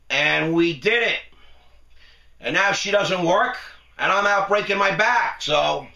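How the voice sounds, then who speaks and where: A man's voice: high-pitched, gravelly, bright, forceful tone, recorded from a distance. Boastful joking man, echoey studio. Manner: boastful, joking, laughs at his own lines. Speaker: online show host. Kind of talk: casual monologue to camera. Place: television studio.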